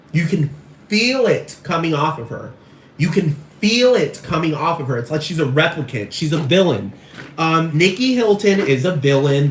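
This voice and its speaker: A man ranting in a rambling, repetitive and profane casual monologue. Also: on the high side. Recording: echoey room, far from mic, faint noise.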